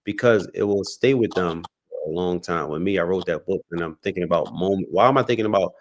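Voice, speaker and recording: Male guest, deep low register, reflective storyteller who restarts often. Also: fast talker. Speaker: podcast guest. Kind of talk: casual conversation.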